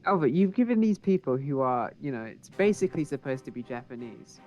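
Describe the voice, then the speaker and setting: Blunt, teasing gaming friend; woman with a very deep voice, soft music behind. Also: sing-song, fairly quick, highs cut off. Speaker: streamer's friend. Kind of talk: casual chat while gaming.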